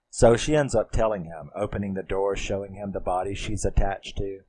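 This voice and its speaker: A man's voice: fairly low pitch, fairly even intonation, moderate pace, few pauses, a little mellow. A man casually retelling a movie plot, rambling and swearing, acting out the characters' lines. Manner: rambling, profane, acts out quotes. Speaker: movie reviewer.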